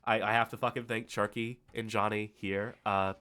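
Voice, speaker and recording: A man's voice: lowish voice, flat delivery, bright, forceful tone. Rambling, swearing male streamer host. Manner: heavy swearing, rambling, halting with many fillers. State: tired and emotional. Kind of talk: casual stream thank-you speech.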